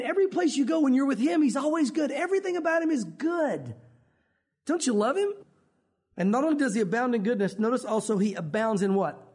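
High, husky-voiced male preacher. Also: brisk. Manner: animated, conversational preaching with acted quotes. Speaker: pastor. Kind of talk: sermon.

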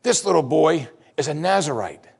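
Husky-voiced male preacher, animated delivery. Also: fairly high pitch, normal speed. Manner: emphatic preaching with wide swings between loud and hushed. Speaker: pastor. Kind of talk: sermon.

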